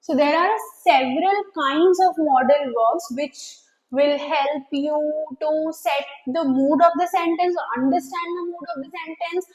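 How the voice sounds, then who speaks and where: A woman teaching an English grammar lesson, explaining slowly with fillers and pauses. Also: high voice, darkish tone. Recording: echoey room with long reverb.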